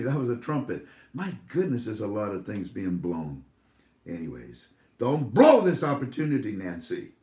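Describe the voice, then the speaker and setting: A man's voice: on the low side, a little mellow, roomy sound. A man hosting an online show in a casual monologue, rambling and sarcastic, with lots of fillers and restarts.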